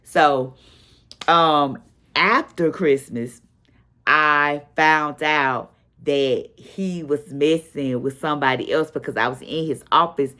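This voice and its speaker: Speaking low and unhurriedly, a middle-aged vlogger shares something that happened to her in a laid-back chat. As she goes she animatedly performs other people's lines, pitching her voice higher for them.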